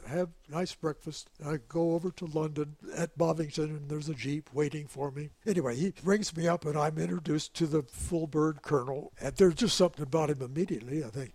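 A man's voice: a little high, normal speed, gravelly, hardly any pauses, darkish tone, husky. An older man, a former wartime pilot, telling stories in an interview and acting out the dialogue. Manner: acts out dialogue, repeats words. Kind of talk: animated storytelling.

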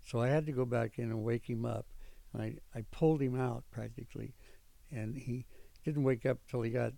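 Gravelly older man telling war stories. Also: mid-range voice, steady tone, mellow, dry recording. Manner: rambling storytelling with frequent pauses and fillers. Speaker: veteran interviewee. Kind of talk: oral history recollection.

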